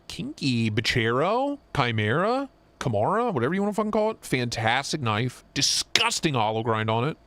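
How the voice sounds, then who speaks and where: A young man co-hosting a live stream, chatting casually and swearing as he jokes and gets excited. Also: medium pitch, moderate pace. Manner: excited, profane, joking. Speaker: knife show co-host.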